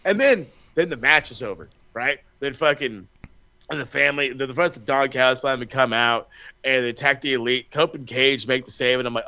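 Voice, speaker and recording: A man co-hosting a wrestling podcast in casual chat, telling stories in an animated, profane way with lots of restarts. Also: medium pitch, normal speed, no room sound. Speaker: podcast co-host.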